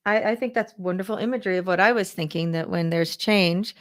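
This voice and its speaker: A woman co-hosting a relaxed talk show, with a voice that sits slightly low. She is warm and encouraging and drags out some phrases as she thinks. Her talk is casual, with restarts along the way. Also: fast talker. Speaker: podcast co-host. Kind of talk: casual chat.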